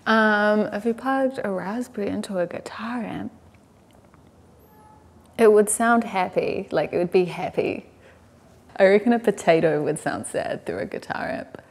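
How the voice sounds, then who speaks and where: Slow-talking young New woman. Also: medium pitch, vocal fry, husky. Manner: hesitant, many likes and ums. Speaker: musician guest. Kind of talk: relaxed interview chat.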